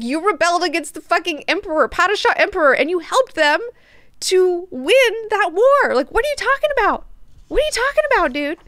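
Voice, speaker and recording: A woman's voice: very high-pitched, no room sound, pitched above the performer's own voice, full character voice. A woman voicing an exasperated ancient male emperor who talks in slang, swears, and breaks into incredulous outbursts.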